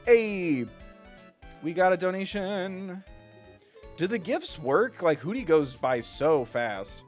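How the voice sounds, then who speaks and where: A man streaming a game live, joking and reading lines aloud in an animated way. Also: high voice, slow pace, faint music behind. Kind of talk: live gameplay commentary.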